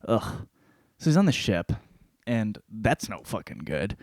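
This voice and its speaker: A man's voice: fairly low pitch, a little slow, no echo. Profane rambling man, dry sound. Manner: profane, rambling, animated storytelling. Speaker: podcast host. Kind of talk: casual solo book-review monologue.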